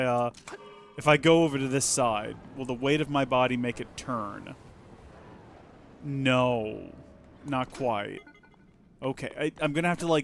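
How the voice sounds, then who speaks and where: A man's voice: medium pitch, vocal fry, slight background noise. A man streaming a video game, chatting casually and playfully to himself and his viewers. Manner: playful, talks to himself and the game, jokey asides. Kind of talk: casual let's play commentary.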